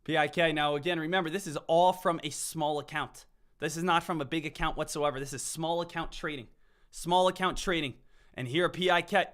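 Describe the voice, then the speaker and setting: A man streaming live stock trades, narrating the chart with repeated chants and bursts of shouting. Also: a little high, a little fast. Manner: hyped, repetitive chanting, swings from shouting to calm. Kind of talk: live trading commentary.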